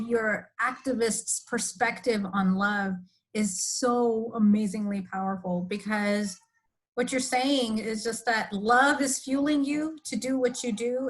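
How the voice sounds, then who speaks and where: A woman hosts a casual podcast conversation, thoughtful and animated. Her voice sits fairly high. She laughs easily as she talks. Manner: reflective, animated, with quick laughs. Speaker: podcast host.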